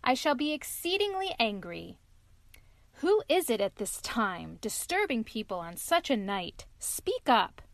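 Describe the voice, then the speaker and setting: A woman voicing a gruff, suspicious old male badger who turns kindly and fatherly, read from a storybook. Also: a little high, big pitch swings, a little slow, no room sound, exaggerated voice.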